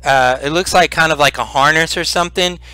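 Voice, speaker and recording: A man running a tabletop game as game master, describing the scene slowly and deliberately. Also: on the high side, pushed and bright, dry recording.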